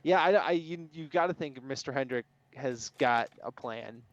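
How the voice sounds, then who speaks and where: A man's voice: mid-range voice, normal speed. A man co-hosting a podcast, chatting casually and with strong opinions about racing, laughing easily. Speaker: podcast co-host. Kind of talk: casual sports chat. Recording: dull, dry lo-fi sound.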